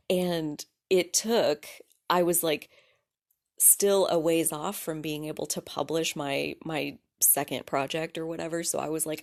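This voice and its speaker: A young adult woman hosting her own podcast, telling a personal story in a casual, animated way, full of likes, restarts, laughs and swearing. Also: deep voice, gravelly. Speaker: podcast host.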